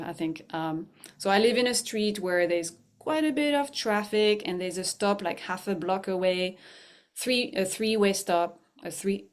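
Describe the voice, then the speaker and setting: A middle-aged woman, a mindfulness teacher and guest on a show, telling a personal story in a chatty way, laughing often and restarting her sentences. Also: on the low side. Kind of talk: conversational storytelling.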